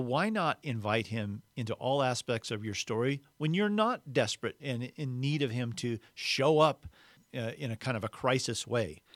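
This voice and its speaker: A podcast host with a medium-pitched male voice delivers a devotional teaching reflectively, repeating key words for emphasis. The recording is studio quality with no room sound.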